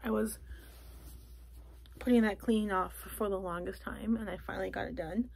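A young woman vlogging in a casual chat from a closet at home, talking softly and often slipping into a whisper. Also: mid-range voice, steady tone, normal speed, creaky, husky. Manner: soft, often drops to a whisper.

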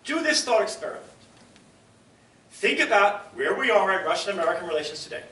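Older male lecturer, emphatic, bright edgy tone, roomy distant sound. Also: sits high. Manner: emphatic, rhetorical questions and asides to the audience. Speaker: professor giving a public lecture. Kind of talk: public lecture. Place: lecture room with an audience. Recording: echoey lecture hall from far off.

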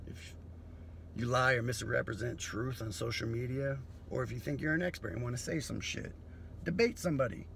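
Comedian, male, gravelly edge, bright tone, swearing rant. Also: medium pitch, fairly quick, a little hiss or hum. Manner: profane, philosophical ranting. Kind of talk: comedic monologue.

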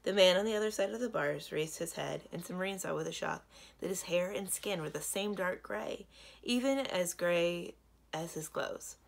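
Low-voiced woman reading a children's book. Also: moderate pace, vocal fry. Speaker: librarian reading aloud. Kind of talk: children's read-aloud narration.

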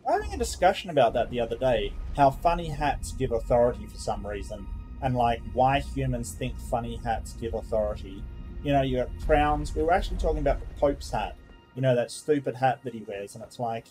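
A man's voice: mid-range voice, expressive, fairly quick, darkish tone, faint music behind, rough recording. Chatty male let's-play streamer. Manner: chatty, rambling, easily distracted. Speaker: gaming streamer. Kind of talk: casual let's-play commentary.

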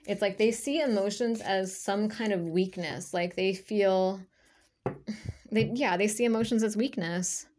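Talking directly to camera, a spiritual energy reader delivers a casual, unscripted reading in a mid-pitched (for a woman), darkish voice at a measured pace. She's blunt, swears freely, rambles, restarts sentences and leans on fillers. A little hiss or hum sits in the background.

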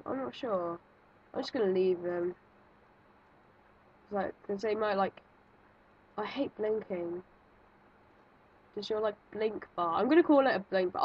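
Jumpy, husky-voiced woman. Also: medium pitch, takes it slowly, pauses often, lo-fi sound. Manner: jumpy, nervous, exclaiming, thinking aloud. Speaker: gaming video creator. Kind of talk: let's-play game commentary.

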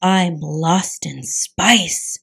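A woman voicing Skippyjon Jones, an excitable young male Siamese kitten who plays a chihuahua, in a bouncy, exclaiming storybook voice with mock Spanish flourishes. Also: on the low side, extremely slow, vocal fry, breathy edge, exaggerated voice. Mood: excited.

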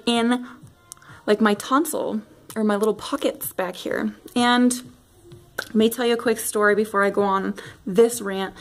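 A young woman vlogging a casual rant to camera at home, animated and giggly with lots of fillers. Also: a little high. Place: home, near bathroom.

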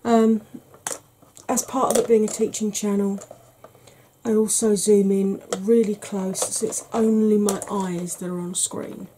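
A woman hosting a soft-spoken ASMR makeup tutorial, chatty and explanatory, sometimes dropping into a whisper. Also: medium pitch, flat delivery, a little slow, slight background noise, rough recording.

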